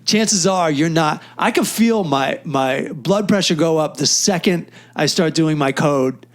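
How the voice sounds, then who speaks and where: A man's voice: fairly high pitch, measured pace. A middle-aged man, a comedian co-hosting a podcast, chatting casually, telling anecdotes and laughing at himself. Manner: laughs often, self-deprecating, tells anecdotes.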